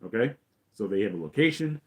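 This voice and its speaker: A middle-aged man hosting a casual film recap, excitedly retelling scenes in a rambling way with many fillers. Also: lowish voice, a little fast. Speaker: host.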